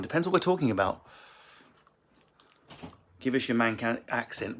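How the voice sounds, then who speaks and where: A man's voice: medium pitch, lively intonation, normal speed, long pauses. A man who is a comedian, casually answering viewer questions from a room at home with cheeky, crude banter. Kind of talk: casual live Q&A.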